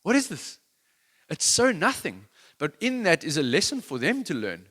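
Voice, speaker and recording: A man's voice: a little high, wildly swooping pitch, normal speed, sharp tone, slightly rough. A man preaching a sermon in an earnest, conversational, self-deprecating way, with many restarts. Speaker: worship leader giving a sermon.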